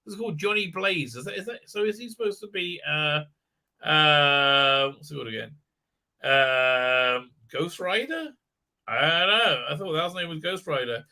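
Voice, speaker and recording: A man's voice: fairly high pitch, expressive, measured pace, bright, forceful tone. A middle-aged man hosting a live stream from his desk, rambling sarcastically and swearing, full of fillers and restarts.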